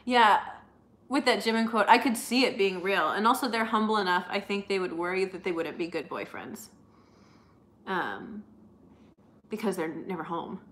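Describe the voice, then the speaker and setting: A woman's voice: medium pitch, moderate pace, fairly bright tone. A young woman co-hosting a live stream, chatting casually with viewers in a rambling way full of fillers.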